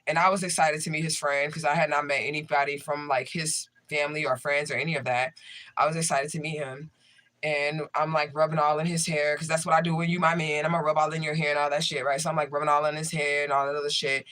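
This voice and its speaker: Bright-voiced man telling a profane story. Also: on the high side, level tone, fast. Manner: profane, chatty, talks straight to viewers. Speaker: tarot reader. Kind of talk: casual livestream storytelling.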